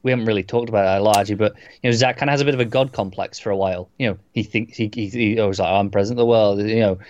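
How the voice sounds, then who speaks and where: A man's voice: fairly low pitch, fairly even intonation, racing, no echo, muffled recording. A man co-hosting a casual film podcast, wry and laid-back, often answering with short agreements. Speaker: podcast co-host. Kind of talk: casual film review chat.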